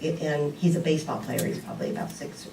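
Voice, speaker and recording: A woman's voice: deep voice, sing-song, fast talker, gravelly, background noise. An older woman giving a conversational sermon with many "you know"s. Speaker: speaker. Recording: roomy, distant with faint background ambience.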